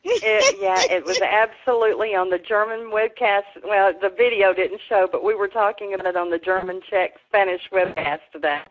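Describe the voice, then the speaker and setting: A woman's voice: medium pitch, normal speed. Rousing woman host over a tinny line. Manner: rousing, preacher-like pep talk. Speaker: webinar host. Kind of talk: motivational webinar talk.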